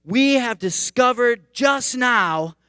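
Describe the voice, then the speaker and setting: A man putting on the voice of an excited male TV news announcer breaking a story. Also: extremely high pitch, takes it slowly, clean tone, dry recording, studio quality, pitched above the performer's own voice, heavily acted. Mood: hyped.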